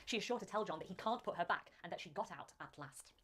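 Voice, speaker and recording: A woman's voice: lowish voice, expressive, fast talker, bright, forceful tone, a little hiss or hum. A woman hosting a video of literary analysis, posing thoughtful questions to viewers.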